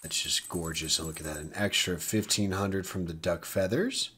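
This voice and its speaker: A man's voice: low-pitched, moderate pace, a bit bright, a little hiss or hum. A man giving casual, upbeat commentary as he plays, chatty and self-deprecating, his voice a little worn. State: losing his voice. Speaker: let's play host. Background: faint game music.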